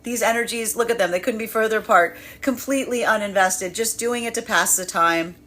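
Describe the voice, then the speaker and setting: A woman's voice: medium pitch, fairly quick, pushed and bright. A woman giving a tarot reading in a rambling way, repeating words and laughing often. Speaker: tarot reader. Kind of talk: live tarot reading monologue.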